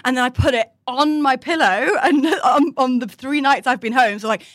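A woman's voice: high voice, moderate pace, no echo, clean studio sound. A woman co-hosting a podcast, telling stories in a rambling, self-deprecating way. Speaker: podcast co-host. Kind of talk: casual storytelling chat.

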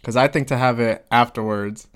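A woman's voice: a bass voice, fairly even intonation, moderate pace. A woman co-hosting a podcast in casual chat. She cuts in with short, blunt, supportive remarks and swears often. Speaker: podcast co-host.

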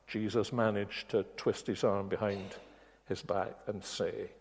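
A man preaching a sermon in a church, speaking earnestly and slowing on key words. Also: fairly low pitch, fairly even intonation, darkish tone. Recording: long reverb of a church hall.

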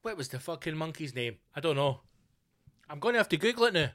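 A man hosting a podcast, telling stories in a profane, animated comic rant full of mock outrage. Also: fairly high pitch, quick pace. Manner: swears constantly, mock outrage. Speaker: podcast host. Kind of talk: comedic rant.

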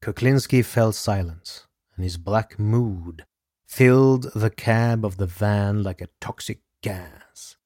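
Low-voiced man narrating true crime. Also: takes it slowly, darkish tone, no room sound, clean studio sound. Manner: addresses the listener directly, dramatic. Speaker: podcast narrator.

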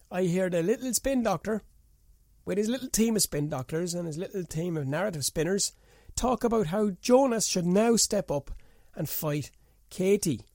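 A man's voice: no room sound, clean studio sound. Indignant man ranting. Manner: indignant, rhetorical ranting with sharp pitch jumps. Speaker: boxing pundit. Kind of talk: opinionated monologue.

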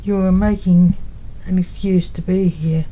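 A stern, protective middle-aged father speaks curtly, as a woman narrator reads his lines. The delivery is slow and mellow, barely set apart from her narration. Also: lowish voice, steady tone, natural voice, rough recording.

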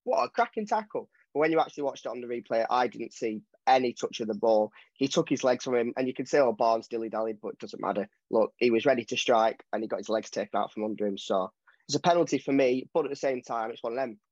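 Man, football podcast co-host, opinionated, animated, dull lo-fi sound. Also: medium pitch, no echo. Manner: animated, opinionated, quick asides. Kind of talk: casual football podcast chat.

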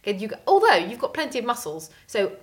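A woman's voice: fairly high pitch, sing-song, quick pace. A woman co-hosting a podcast, chatting casually and telling rambling anecdotes. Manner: chatty storyteller, rambling restarts. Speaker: podcast co-host. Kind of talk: casual chat.

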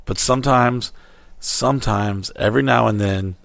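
A man co-hosting a podcast, trading profane jokes and quick comebacks in casual chat. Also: medium pitch, vocal fry, fairly bright tone, no echo. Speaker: co-host. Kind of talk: casual crude podcast banter.

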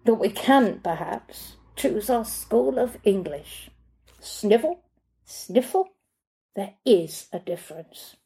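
A woman's voice: mid-range voice, expressive, slow, vocal fry, mellow. A woman reading as a dry, stern old butler. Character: dry, judgemental older male butler.

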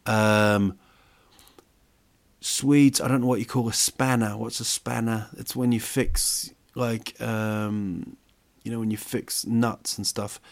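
A man with a fairly low voice rambles through a joking monologue as host. He wanders, fills pauses with "um" and stretches of thought, and keeps it loose and comic. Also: little pitch movement, creaky. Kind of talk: casual comedic monologue.

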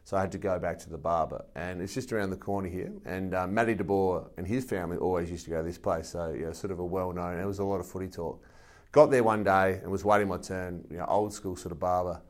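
Aussie bloke, lowish voice, telling footy yarns and cracking himself up. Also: male voice, fast talker. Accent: Australian. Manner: animated storyteller, laughs often, acts out voices. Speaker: guest, former football captain. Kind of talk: casual anecdote telling.

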